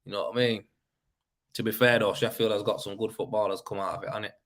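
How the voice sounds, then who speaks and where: Speaking fast in a lowish, slightly bright voice with fairly even intonation, a man from Leeds hosts a casual livestream and reads viewers' comments. His West Yorkshire chat rambles, is full of laughter, and leans on "you know what I mean."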